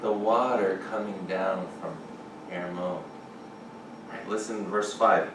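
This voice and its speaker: Man, sermon, lively bursts of emphasis, heard from far off, booming reverb. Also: takes it slowly, long pauses. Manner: animated, rising to excited exclamations. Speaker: chapel speaker. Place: large echoing chapel. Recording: echoey hall from far off, background noise.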